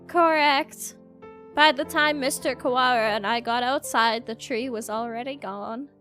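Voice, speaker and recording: A soft-spoken, polite male bird, read by a woman in a dating game. He speaks quietly and courteously in a high, bright voice. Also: a little slow, faint music behind. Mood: calm.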